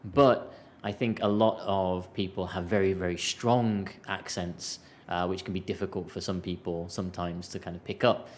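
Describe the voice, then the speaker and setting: A man from England with a softened Birmingham accent, an English teacher chatting casually and speaking clearly and deliberately for learners. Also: deep voice, steady tone, a little hiss or hum. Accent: mild English Midlands, softened Birmingham. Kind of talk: casual unscripted conversation.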